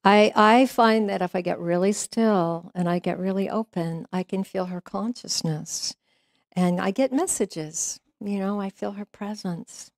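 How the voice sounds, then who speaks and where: A woman minister speaks from the pulpit in a middle-pitched voice, talking loosely and conversationally. She weaves a parable into her sermon, leaning on "you know" and "um" as she goes. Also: unhurried, dry recording, studio quality. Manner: warm conversational storytelling with frequent fillers and laughs. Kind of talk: sermon with storytelling. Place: church sanctuary.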